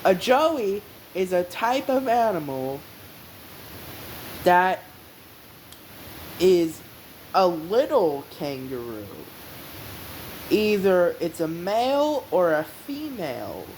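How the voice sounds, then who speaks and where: Casual female vlog host, rambling delivery, lower voice, very slow. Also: big pitch swings, a little mellow, slight background noise, rough recording. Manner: rambling, meandering. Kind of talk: casual explainer.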